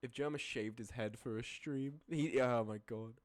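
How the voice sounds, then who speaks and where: A streamer casually ranking images, often breaking into high laughing fits and then dropping into low, sweary mutters. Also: normal speed, dry recording, studio quality. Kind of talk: casual live-stream commentary.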